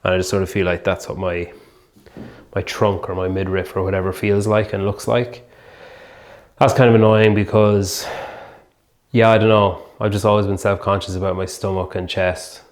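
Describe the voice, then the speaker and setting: A young man chatting casually as a podcast host, rambling and filling his sentences with "like". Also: low voice. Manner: rambling, heavy use of "like". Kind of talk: casual vlog chat.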